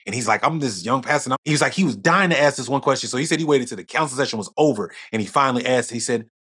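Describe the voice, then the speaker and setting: Brief: middle-aged man, guest on a talk podcast, lively pitch, mid-range voice, acts out quotes. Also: rapid-fire, slightly rough. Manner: animated storytelling, acting out quoted dialogue. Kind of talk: casual conversation.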